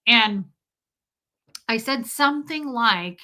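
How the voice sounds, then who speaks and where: A woman's voice: a little high, moderate pace, bright, forceful tone. A woman hosting a casual livestream, talking to her viewers in a rambling way, trailing off and restarting her sentences. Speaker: livestream host reading viewer comments.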